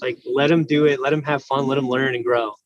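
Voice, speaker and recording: A man's voice: mid-range voice, fairly even intonation, a little fast, no room sound, lo-fi sound. A man in casual conversation, talking earnestly and thoughtfully with lots of "like" fillers. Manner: earnest, reflective, many "like" fillers.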